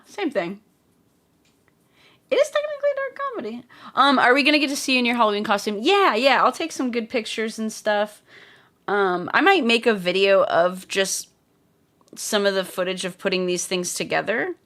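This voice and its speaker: While crafting on a livestream, a woman chats casually and reads viewer comments aloud. Her voice is medium-pitched and a bit bright.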